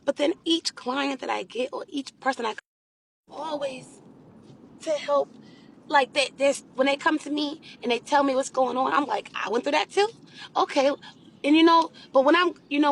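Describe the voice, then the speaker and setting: Woman life coach, fairly high gravelly voice, preachy and earnest, faint hiss behind. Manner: earnest, preacherly, repeats phrases, addresses viewers as y'all; drops to a soft, hushed voice when speaking to abuse survivors. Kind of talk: motivational faith talk to viewers.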